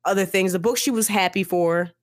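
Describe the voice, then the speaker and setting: A woman co-hosting a podcast, telling the story in a lively, casual way full of "like" fillers. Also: mid-range voice, a little fast, no echo, studio quality. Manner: animated storytelling, many "like" fillers, acts out characters. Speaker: podcast co-host. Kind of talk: casual book-discussion chat.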